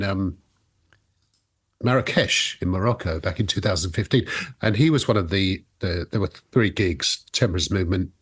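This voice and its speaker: A man co-hosting a rock music podcast in a casual chat, lively and quick to rise in pitch when asking questions. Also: breathy edge. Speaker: podcast co-host.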